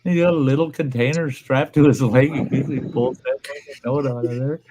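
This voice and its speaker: A man's voice: mid-range voice, normal speed, background noise. A man hosting a casual online chat, telling a long farm story with plenty of swearing and acting out the people in it. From Upper Midwest United States. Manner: profane, animated storyteller acting out quoted people. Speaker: host.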